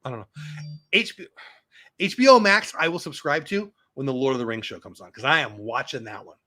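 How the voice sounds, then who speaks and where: A man in his fifties hosting a casual live stream, reading viewer comments aloud and reacting with excitable, chatty asides. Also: medium pitch, fairly quick. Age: 50s. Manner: animated, excitable, talks back to chat.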